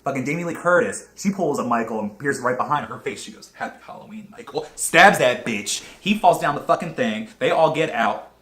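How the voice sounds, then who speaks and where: Fast-talking profane man in an echoey room. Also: mid-range voice, animated, a bit bright. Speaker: movie reviewer. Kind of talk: casual spoken movie review.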